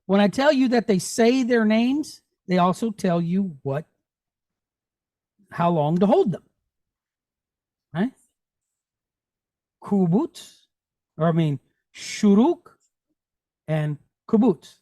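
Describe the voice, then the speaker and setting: A man's voice: high voice, lively intonation, slow pace, pauses often, mellow, dry recording. A man teaching a Hebrew class, patiently drilling sounds and checking that students follow. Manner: patient, checks understanding often; drills pronunciation aloud.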